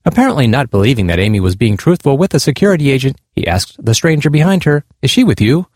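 A man narrating a nonfiction account in a measured, earnest reading. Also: medium pitch, lively intonation, darkish tone, no echo, clean studio sound.

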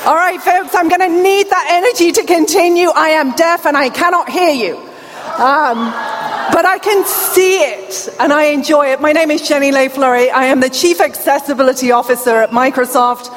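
A high-pitched middle-aged woman with a British accent and a slight deaf accent delivers a keynote on stage, teasing and joking with the crowd. Her voice rings through a large hall with a long reverb tail and a faint murmur of room sound. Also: moderate pace, slight background noise. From England. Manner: playful, jokes and banters with the audience. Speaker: keynote speaker. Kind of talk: conference keynote speech.

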